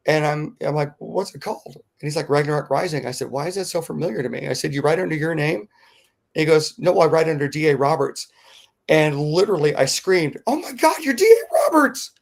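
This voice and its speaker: A middle-aged man, a podcast co-host, telling a rambling, animated story in casual chat with lots of fillers. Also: on the high side, creaky.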